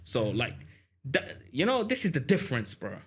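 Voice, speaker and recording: A man co-hosting a podcast, chatting casually and telling animated stories. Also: medium pitch, normal speed, breathy edge. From London. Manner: animated storytelling, lots of fillers. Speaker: podcast co-host. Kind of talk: casual chat.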